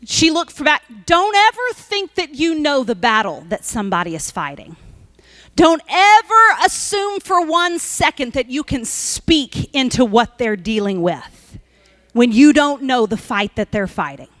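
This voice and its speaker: A woman pastor delivers a sermon, weaving a personal story into emphatic preaching. Her voice sits high and bright, recorded close and dry with no room echo. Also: very animated, a little slow.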